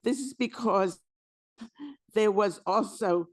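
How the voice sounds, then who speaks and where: A woman who is losing her voice, presenting to a community board as a housing committee co-chair, speaking haltingly with fillers and restarts. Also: mid-range voice, darkish tone. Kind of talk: public meeting presentation. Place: community board meeting room.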